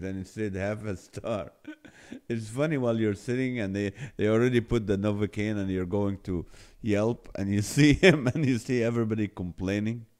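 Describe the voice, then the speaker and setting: A man's voice: fairly low pitch, darkish tone. A middle-aged man hosting a live stream, reading viewer comments aloud in casual chat and laughing often at the jokes. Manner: laughs often, jokey and playful. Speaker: live show host.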